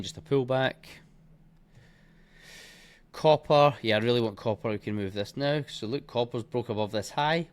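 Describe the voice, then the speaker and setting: A man walking through trading charts in a blunt, heavily profane and scornful way, punctuating points with bursts like boom and bish bash bosh. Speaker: trading educator. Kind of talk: live chart walkthrough.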